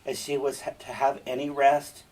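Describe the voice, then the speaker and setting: A man's voice: mid-range voice, level tone, moderate pace, a little mellow, rough recording. A man reading a fairy tale aloud and stopping often to explain its lessons in a conversational way. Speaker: storyteller and teacher.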